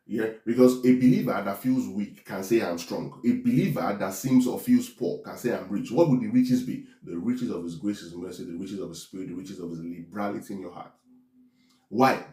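A man preaches a teaching sermon in a mellow, warm voice. He is emphatic, repeats phrases for stress and keeps checking in with his listeners. His voice carries through an echoey room. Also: on the low side.

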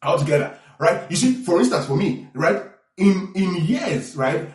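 Animated male preacher, echoey room. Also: mid-range voice, far from the mic. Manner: animated preaching with call-and-response asides. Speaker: pastor. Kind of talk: sermon.

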